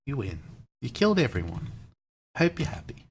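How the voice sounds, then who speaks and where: A man voicing a heartbroken, obsessive teenage club president girl in a put-on British accent, pleading and halting in a live dramatic reading of a visual novel. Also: medium pitch, wildly swooping pitch, husky, heavily acted. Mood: despairing.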